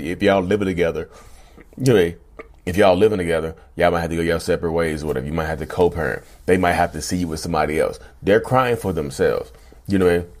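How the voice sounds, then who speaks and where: Male host, deep voice, casual to-camera chat, repetitive and folksy. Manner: conversational, repeats himself, addresses viewers as y'all. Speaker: channel host.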